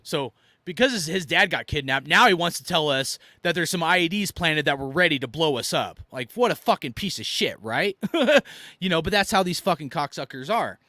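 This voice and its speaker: A man in his thirties telling war stories in a blunt, profane rant, swinging from loud outbursts to low muttered asides. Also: lively intonation, brisk, no echo. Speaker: army veteran commentator.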